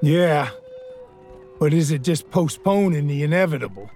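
A man's voice: a little high, expressive, normal speed, mellow, faint music behind. A man doing a plainspoken frontier gunfighter. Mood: grim.

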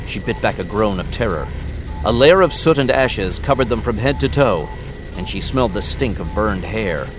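A man narrating an audiobook in a steady, dramatic storytelling manner. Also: lowish voice, normal speed, music in the background.

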